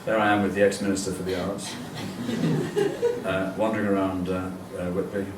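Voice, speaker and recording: Man, older, lecturer, rambling anecdotes, low voice, distant mic, echoey hall. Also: little pitch movement, brisk, noisy background. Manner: rambling, chatty, frequent fillers and restarts.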